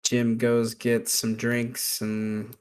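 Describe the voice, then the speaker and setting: A man narrating as game master for a tabletop game, unhurried and halting with frequent fillers. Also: mid-range voice, completely flat delivery, slight background noise.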